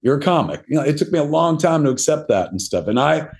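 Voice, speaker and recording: A man's voice: on the high side, expressive, fast talker, vocal fry, a little mellow. A middle-aged man talking as a podcast guest, telling rambling, profane, self-deprecating stories in a casual interview, full of fillers. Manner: profane, rambling anecdotal delivery with many fillers.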